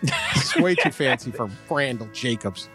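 A man's voice: medium pitch, lively intonation, unhurried, sharp tone, faint music behind. A man co-hosting a casual chat, reading an obituary aloud with amused asides. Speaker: podcast co-host.

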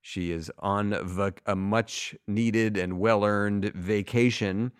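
A man's voice: on the low side, steady tone, takes it slowly, clear, resonant tone, dry recording, studio quality. A middle-aged man co-hosting a podcast, chatting casually and telling a story with wry, profane humor. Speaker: podcast co-host. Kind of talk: casual chat.

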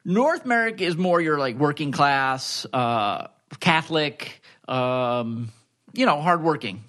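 A man's voice: on the high side, animated, takes it slowly, a bit bright. A man with a Long Island accent, co-hosting a podcast, easygoing and self-deprecating, often restarting his sentences. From Long Island, New York. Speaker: podcast co-host, resident historian. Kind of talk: casual podcast chat.

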